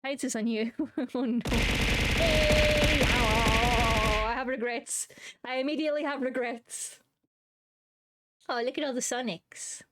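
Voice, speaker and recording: A woman's voice: high-pitched, fairly even intonation, moderate pace, pauses often, loud music behind the voice. A woman streamer chatting casually and playfully with her viewers, joking and laughing often. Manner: playful, giggly, silly. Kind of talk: casual live-stream chat.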